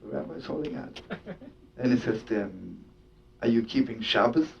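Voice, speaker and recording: A man's voice: moderate pace, creaky, a crowd in the background. Man telling a story in a far, muffled recording. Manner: animated storytelling with Yiddish words and laughter. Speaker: rabbi and storyteller. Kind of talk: storytelling sermon. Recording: distant dull lo-fi recording with faint rumble.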